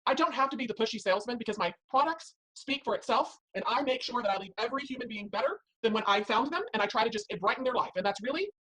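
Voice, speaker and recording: A woman's voice: a little high, lively intonation, fast, hardly any pauses, fairly bright tone, breathy edge, poor audio. A woman in direct sales giving an upbeat, persuasive motivational talk to her team.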